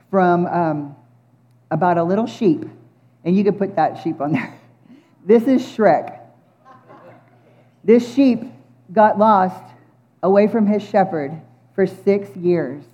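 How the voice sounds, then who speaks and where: A middle-aged woman speaking at a church service, giving an earnest, heartfelt sermon and reciting scripture, with many pauses and fillers. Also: on the low side. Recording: muffled recording with faint band music.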